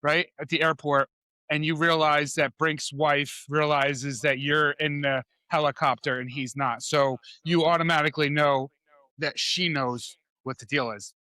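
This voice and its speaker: A male podcast host with a slightly high, bright voice asks his guest a question. He feels his way toward it with pauses and restarts. The recording is dry and close. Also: fairly even intonation, dry recording. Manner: asks questions in a halting, searching way. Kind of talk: casual interview.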